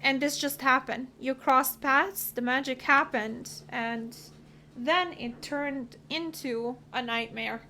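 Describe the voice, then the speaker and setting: A woman's voice: high voice, steady tone, slow, sharp tone, a little hiss or hum. Earnest woman reading tarot cards. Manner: earnest, emotional, talks through card meanings. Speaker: tarot reader. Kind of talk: solo tarot reading to camera.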